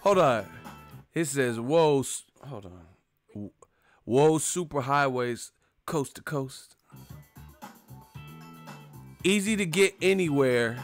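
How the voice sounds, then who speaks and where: A man ranting casually to his viewers, profane and animated and laughing as he talks. His pitch swings up and down a lot, sitting in a middle range. A faint bed of music plays under him. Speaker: video host. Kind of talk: casual comedic rant.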